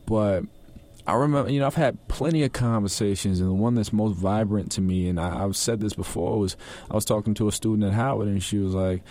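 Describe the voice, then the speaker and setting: A man's voice: lowish voice, fairly quick. A man, an actor, speaking earnestly and with passion as a guest in a studio interview. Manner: earnest, impassioned, animated. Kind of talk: conversational interview.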